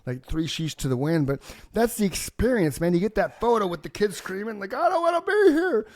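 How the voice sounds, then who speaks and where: A man's voice: high voice, lively intonation, a little fast, a little mellow, no echo, studio quality. A man co-hosting a podcast, telling long rambling comic stories full of swearing and acted-out voices. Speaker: podcast co-host. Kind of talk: casual chat.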